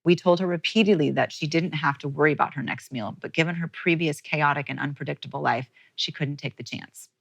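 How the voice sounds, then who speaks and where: A woman's voice: deep voice, fairly quick, gravelly, hardly any pauses, a bit bright, dry recording, rough recording. A woman podcast host telling a heartfelt personal story in a storytelling monologue, emotional at moments.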